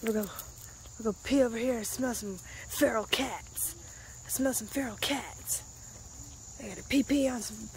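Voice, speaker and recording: Goofy mock-eager dog voiced by a Southern woman, high and easygoing. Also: unhurried, pauses often, a little hiss or hum. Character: playful dog speaking for itself.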